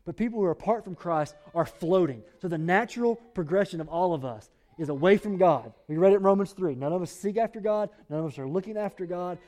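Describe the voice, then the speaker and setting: A man's voice: sits high, fast, few pauses, a little mellow. A male pastor preaching a sermon in a church, speaking urgently and addressing the congregation directly.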